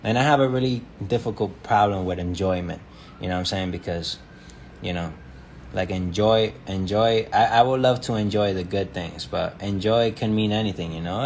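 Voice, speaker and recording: A man with a very low voice, talking loosely and slangily to viewers on a livestream. His talk drifts along with plenty of fillers, and a faint hiss of noise sits under it. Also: normal speed. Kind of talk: casual livestream chat.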